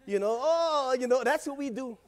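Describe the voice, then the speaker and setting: High-voiced man preaching a casual sermon. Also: fast. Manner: casual, joking, calls out to the congregation. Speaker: pastor. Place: church.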